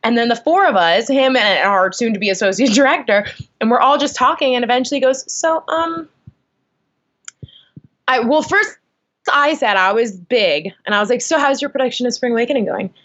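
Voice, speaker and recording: A young woman telling a story in a casual interview at home, animated, acting out her own reactions. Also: a little high, brisk, dull audio. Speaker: guest. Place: at home, on the floor. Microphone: video call.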